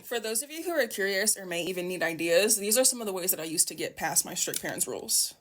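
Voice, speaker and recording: A woman's voice: mid-range voice, animated, fast, a bit bright, a little hiss or hum. A woman sharing a casual storytime, conversational and a bit self-correcting.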